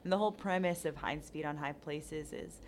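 Earnest woman with a deep voice for a reflective faith chat, some light hiss behind her. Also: brisk. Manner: earnest, reflective, many restarts. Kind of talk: casual faith conversation.

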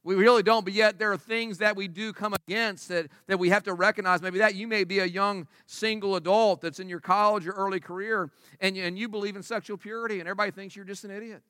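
A high-pitched, bright-toned man delivers a sermon from the pulpit during a church service. He preaches emphatically but conversationally, leaning on rhetorical questions. His voice comes through close and dry. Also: fairly even intonation, fast, few pauses, clear, resonant tone, no room sound. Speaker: pastor. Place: church service before a congregation.

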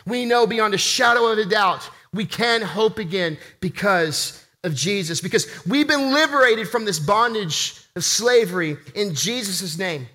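A man's voice: sits high, animated, measured pace, hardly any pauses, sharp tone. A man preaching a sermon as pastor, impassioned, rising and falling for emphasis.

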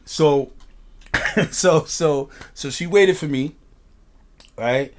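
A man hosting a casual talk show, telling a story in an animated way, swearing freely and often asking "you know what I mean". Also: fairly high pitch, very slow, background noise. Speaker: podcast host.

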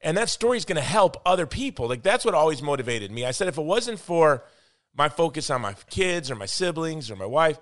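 A man's voice: fairly high pitch, big pitch swings, fairly quick, a bit bright. A man hosting a podcast, talking in a casual, earnest and motivational way. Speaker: podcast host. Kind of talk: casual conversation.

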